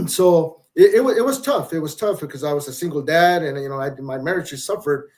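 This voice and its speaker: A middle-aged retired Marine man with a fairly high voice, talking as a guest in a casual interview. He is candid and reflective, restarts his sentences often, and swears now and then. He sounds blunt and down to earth. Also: fairly quick, a little mellow. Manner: blunt, with salty language. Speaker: retired Marine master gunnery sergeant, guest.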